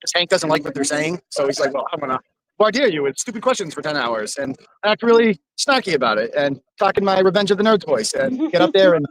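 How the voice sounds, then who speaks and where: A man being interviewed in a casual chat, animated and mocking. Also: a little high, fast talker, crowd noise, low-quality recording. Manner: animated, mocks people with put-on voices. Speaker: interview guest.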